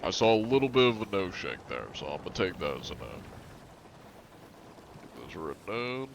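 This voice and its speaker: A man's voice: sits low, big pitch swings, normal speed, gravelly, a little hiss or hum. A man streaming a game live, chatting in a rambling, laid-back way with small chuckles. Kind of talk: casual live-stream chat.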